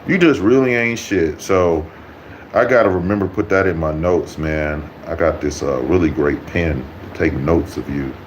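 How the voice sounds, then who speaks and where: A man with a deep, low voice delivers a profane vlog rant. His talk is blunt and mocking, packed with curses, and a faint hiss of noise sits under it. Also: moderate pace, dull audio. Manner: blunt, mocking, swears constantly. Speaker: YouTuber.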